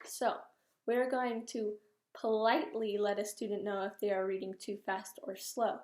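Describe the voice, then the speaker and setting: A young woman teaching a reading lesson, explaining steps to students in a clear, patient way. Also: medium pitch, flat delivery, moderate pace, a little mellow, reverberant. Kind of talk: classroom lesson, micro-teach practice.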